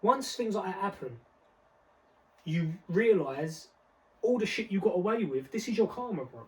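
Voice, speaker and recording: A young man with a notably high voice, speaking forcefully in street slang on a podcast. His words come from a distance, as if the mic sits far from him. He repeats himself as he pushes his points. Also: expressive, normal speed. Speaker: podcast co-host. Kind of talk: casual discussion.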